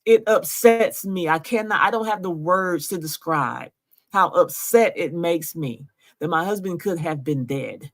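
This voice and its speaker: A woman's voice: lowish voice, lively intonation, measured pace, fairly bright tone. A woman giving emotional commentary over a recording, earnest and often asking "right?". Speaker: vlogger narrating a recording.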